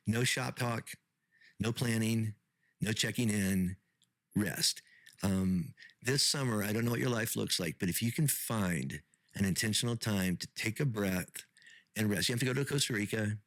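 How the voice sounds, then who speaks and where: A man's voice: fairly low pitch, moderate pace, dry recording, poor audio. A middle-aged man hosting a podcast as a pastor, talking casually with frequent restarts and repeated words.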